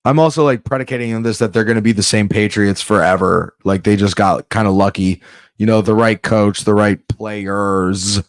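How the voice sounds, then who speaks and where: A man's voice: on the low side, a little fast, no room sound, studio quality. A man doing a rambling comedic monologue, often breaking off and restarting mid-sentence. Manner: rambling, self-interrupting, off-the-cuff.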